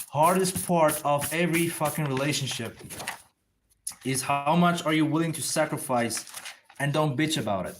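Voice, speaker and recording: A man with a somewhat high voice chats to his viewers while inking comic pages. He thinks out loud, drifts between topics and swears freely, never breaking from the drawing. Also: a little hiss or hum. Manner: loose, profane, thinks aloud and answers viewers. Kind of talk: casual rambling livestream chat.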